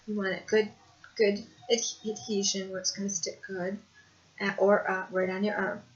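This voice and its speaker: A woman's voice: mid-range voice, level tone, moderate pace. A woman telling a personal story to camera in a rambling, conversational way, with hesitations. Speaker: video blogger. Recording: dull lo-fi home recording.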